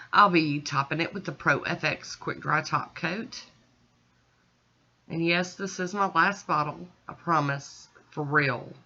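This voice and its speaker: Bright-voiced woman narrating a nail tutorial. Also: low-pitched, muffled recording. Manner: chatty, talks through each step. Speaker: nail art channel host. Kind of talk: casual voice-over nail tutorial.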